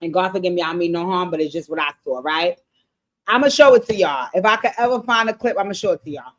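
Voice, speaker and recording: A woman giving a casual recap of a TV episode, animated and blunt, swearing freely and talking straight to her viewers. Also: fairly low pitch, fast. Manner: animated, blunt and profane, addressing viewers directly. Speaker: TV show recap streamer. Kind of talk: casual show recap commentary.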